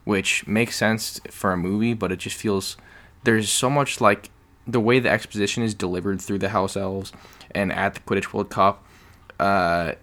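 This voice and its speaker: A man's voice: fairly low pitch, steady tone, moderate pace, fairly bright tone. A man hosting a casual podcast chat, explaining at length in long turns and joking along the way. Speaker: podcast host.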